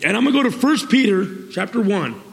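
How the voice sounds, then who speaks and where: A man preaching a sermon, exuberant, bursting into laughter and praise, then reading scripture slowly and deliberately. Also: high-pitched, very animated, vocal fry. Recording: long hall reverb.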